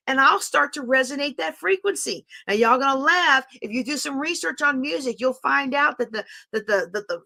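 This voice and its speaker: A woman, teaching an online class in a chatty, animated way while drawing on a board. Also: high-pitched, creaky.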